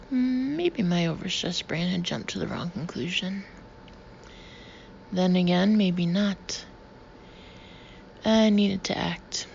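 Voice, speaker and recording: A woman narrating an audiobook in a hushed manner that sometimes turns breathy and near-whispered. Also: mid-range voice, lo-fi sound, a little hiss or hum.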